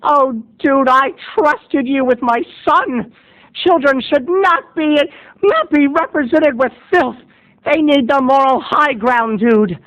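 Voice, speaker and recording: Man putting on a shrill prim churchgoing mom. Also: fairly bright tone, highs cut off, exaggerated voice. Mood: reproachful. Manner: shrill scolding, drawn-out syllables.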